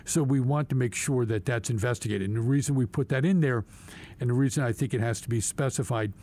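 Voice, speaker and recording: A man's voice: medium pitch, quick pace, dark tone, slight background noise. Emphatic male state lawmaker. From Pennsylvania. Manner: emphatic, repeats key words for stress. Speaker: state representative. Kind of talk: policy discussion.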